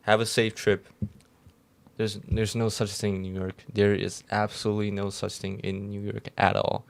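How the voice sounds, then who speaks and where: A young man who is not a native English speaker, co-hosting a podcast and telling stories in a rambling, halting way. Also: lowish voice, gravelly. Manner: relaxed, rambling storyteller with halting restarts. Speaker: podcast co-host. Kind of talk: casual storytelling chat.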